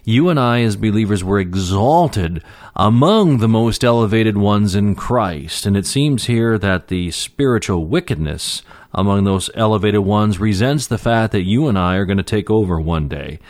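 A man with a fairly low voice, recorded close and dry, teaching through a scripture passage verse by verse. He is middle-aged and breaks his explanations with frequent "uh" fillers, then reads the quoted verses out slowly and deliberately. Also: expressive, darkish tone, no echo. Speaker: preacher.

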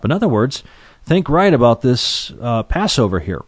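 A man teaching through a Bible passage verse by verse. He reads scripture aloud in King James wording and talks between verses in a loose, conversational way, pausing on "uh" and repeating words. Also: a little high, very animated, husky, no room sound.

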